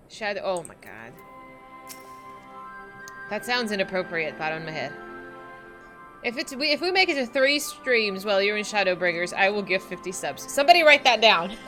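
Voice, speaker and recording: A woman's voice: medium pitch, a bit bright. A woman streaming a game, chatting casually and giggling with her viewers. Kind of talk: casual live-stream chat.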